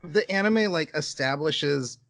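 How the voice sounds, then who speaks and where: A grown man co-hosting a casual anime podcast, chiming in with amused, lively reactions to the plot. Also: a little high, a little slow, creaky. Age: adult. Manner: chimes in with amused, animated reactions. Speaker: podcast co-host.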